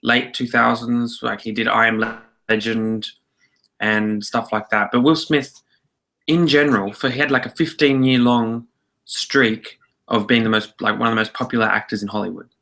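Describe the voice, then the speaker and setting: A man's voice: mid-range voice, fairly even intonation, moderate pace, creaky, pushed and bright. An Australian man co-hosting a film podcast, rambling casually with hedges and dry jokes. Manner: rambling, hedging, dry joking. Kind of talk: casual chat.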